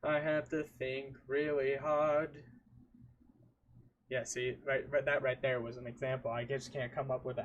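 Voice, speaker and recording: A man talks on a casual livestream, rambling and thinking aloud and often trailing off mid-sentence. His voice sits a little high for a man, and he takes his time, with slow, unhurried pacing and bits of humming between thoughts. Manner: hums and scats between thoughts.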